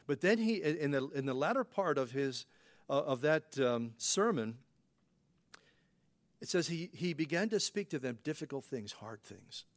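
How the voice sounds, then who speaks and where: A man's voice: fairly high pitch, lively intonation, unhurried. A man preaching a conversational sermon as a pastor, folksy and full of rhetorical questions. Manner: folksy, rhetorical questions, frequent "you know" fillers.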